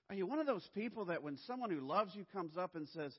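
A man preaching a sermon as pastor, swinging from hushed low lines to loud, urgent emphasis. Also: very animated, fast talker, few pauses, breathy edge. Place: church sanctuary. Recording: dull lo-fi sound, long hall reverb.

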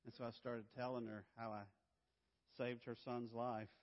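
A man telling a personal story to an audience, dramatic and swinging from loud to hushed. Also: medium pitch, flat delivery, normal speed. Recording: dull, echoey hall recording.

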